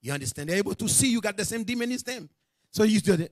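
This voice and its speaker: A man teaching a religious class, preaching in casual street talk, animated and joking, with scolding asides to his listeners. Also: high voice, quick pace, no room sound.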